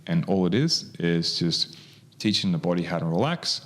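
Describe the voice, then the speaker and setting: A man's voice: low-pitched, animated, normal speed, a bit bright. A man, co-hosting a podcast and explaining hypnosis in loose, rambling chat full of fillers. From Australia. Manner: rambling, many fillers and restarts.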